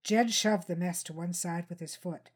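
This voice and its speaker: A woman reading a tense crime novel aloud in steady, dramatic scripted narration. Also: fairly low pitch, normal speed. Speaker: audiobook narrator.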